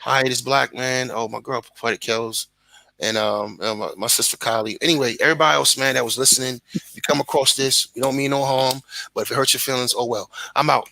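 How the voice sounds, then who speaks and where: A man's voice: mid-range voice, fairly even intonation, brisk, vocal fry, bright, forceful tone, no room sound, poor audio. A man with a Brooklyn accent talking emphatically and with plenty of profanity in a casual live-stream chat. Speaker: guest content creator.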